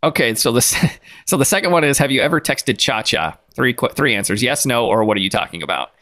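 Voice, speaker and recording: A man in his forties co-hosting a casual podcast, relaxed and quick to laugh while going over listener poll answers. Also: medium pitch. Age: 40s. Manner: easygoing, laughs often, reads out listener poll results. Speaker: podcast co-host. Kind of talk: casual chat.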